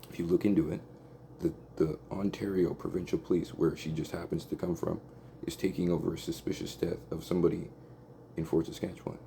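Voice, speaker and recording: A man's voice: sits low, gravelly, dark tone, slight background noise. A man in a rambling, angry monologue, swearing a lot and saying "like" and "right?" constantly. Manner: agitated, profane, repeats "like" and "right?".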